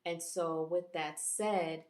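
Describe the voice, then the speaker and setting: Chatty woman reviewer, low voice, echoey room. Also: fairly even intonation, slow pace, a little mellow. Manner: chatty and rambling, many fillers and restarts. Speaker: YouTube reviewer and channel host. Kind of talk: casual TV episode review.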